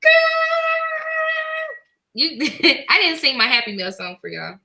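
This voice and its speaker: Woman host, casual chatter, high-pitched and bright, emotional and laughing. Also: very animated, takes it slowly, gravelly, soft background music, rough recording. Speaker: YouTube host. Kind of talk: casual chat.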